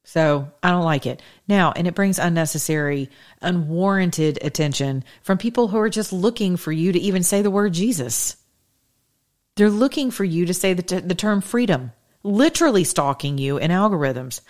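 A middle-aged woman hosting a political talk show, speaking in an animated, sassy monologue full of rhetorical questions. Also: on the low side, moderate pace. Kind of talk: opinionated monologue to listeners.

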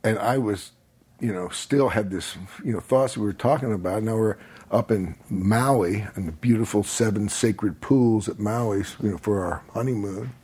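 A man telling a long personal story in casual chat, rambling and animated, often laughing as he talks. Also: fairly low pitch, normal speed, husky.

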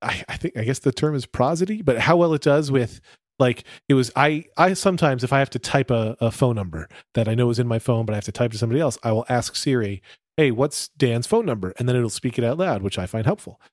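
Man, podcast co-host, quick delivery, dry close sound, casual storytelling. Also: mid-range voice, dry recording. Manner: animated storyteller, acts out quotes. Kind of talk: casual chat.

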